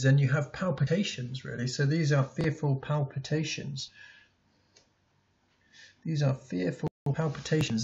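A male teacher in a recorded lesson talks slowly and deliberately, pausing often to think aloud as he annotates a text. His voice has a gravelly, creaky edge. The sound is dull and lo-fi. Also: medium pitch. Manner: thinks aloud while writing, many ums and restarts.

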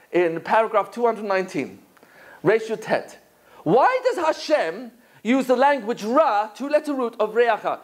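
A rabbi from England giving a lively lecture to an audience, asking many rhetorical questions. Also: male voice, very high voice.

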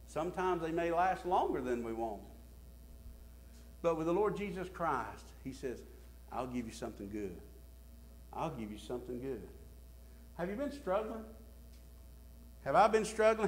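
A male pastor preaching a sermon, swinging from emphatic bursts to quiet, low drops.

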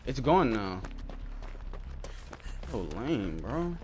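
A young man giving live, excitable commentary on his own gameplay, swearing often and calling everyone bro. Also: medium pitch, extremely slow, a little hiss or hum. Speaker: gameplay streamer.

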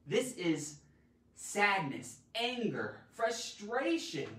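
A man hosting a playful live-streamed grammar lesson, theatrical and full of sudden loud exclamations. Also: high-pitched, very animated, slow pace. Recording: roomy echo, mic at a distance.

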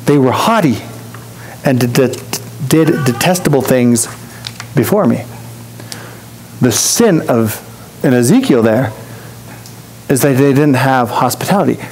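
A man's voice: medium pitch, animated, a little slow, long pauses, darkish tone, a little hiss or hum, poor audio. A man preaching a sermon as pastor, in a conversational storytelling way, acting out the voices of people he quotes. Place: church.

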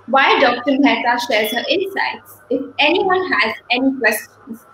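A woman's voice: fairly high pitch, fairly bright tone. A woman hosting a show, introducing her guest and asking questions in a polite, formal way. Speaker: show host. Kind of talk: introducing and interviewing. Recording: roomy sound with faint background noise.

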